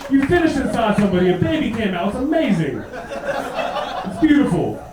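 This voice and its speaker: A man in his thirties performing a profane stand-up set, loud and punchy, slipping into mocking put-on voices. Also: very high-pitched, very animated, moderate pace. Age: 30s. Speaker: stand-up comedian. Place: comedy club stage. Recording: echoey club, mic heard from a distance, laughing crowd.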